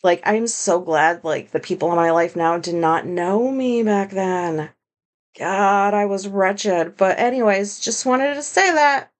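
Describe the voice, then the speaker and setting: A woman's voice: medium pitch, measured pace. A woman hosting her own podcast, talking in a candid, rambling monologue full of fillers and swearing. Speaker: podcast host. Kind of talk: casual solo podcast monologue.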